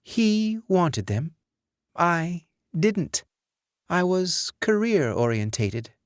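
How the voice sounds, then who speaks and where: A man voicing a tired, polite, career-driven young woman who grows drowsy, speaking softly and raised well above his own pitch. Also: sing-song, very slow, dry recording, clean studio sound, heavily acted. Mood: polite, sleepy. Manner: drowsy, fading, soft replies.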